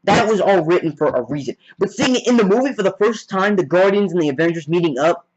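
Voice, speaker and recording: A man excitedly recapping a film scene by scene in a casual, rambling way, full of "like". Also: high-pitched, fast talker, husky, highs cut off. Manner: rambling, heavy on "like" fillers; excitable fan. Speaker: movie reviewer.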